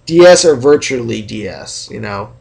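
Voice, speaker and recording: A young man from California talking casually into the camera in a vlog rant, chatty and animated, acting out how other people react. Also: mid-range voice, moderate pace, gravelly. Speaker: sneaker vlogger.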